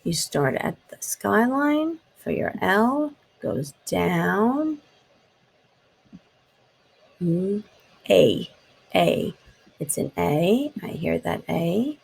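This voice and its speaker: Slow, gravelly woman teaching phonics. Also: on the low side, very animated, a little mellow, low-quality recording. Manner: slow, sounds out letters and taps words. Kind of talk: phonics lesson for young children.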